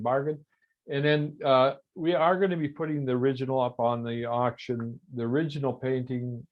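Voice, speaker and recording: A man, an artist, presenting and pricing his framed prints in a casual, rambling, joking way, laughing often. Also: mid-range voice. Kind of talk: casual livestream sales talk. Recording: dull lo-fi stream audio.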